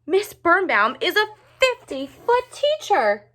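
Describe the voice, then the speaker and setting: A terrified little girl, voiced by a woman reading a storybook, stammering and shrieking in a very high voice. She stretches out her words in fright. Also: big pitch swings, takes it slowly, fairly bright tone, exaggerated voice.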